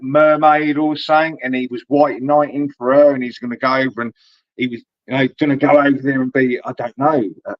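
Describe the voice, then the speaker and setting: A British man chatting casually as co-host, swearing a lot and mocking people with quick impressions. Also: mid-range voice, flat delivery, dry recording. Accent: British English. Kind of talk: casual chat. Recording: dull lo-fi dry sound.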